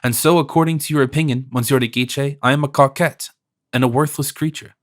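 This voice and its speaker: A man voicing a gentle noble princess. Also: medium pitch, steady tone, lightly acted. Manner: gentle, measured, softly teasing. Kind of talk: audiobook character reading.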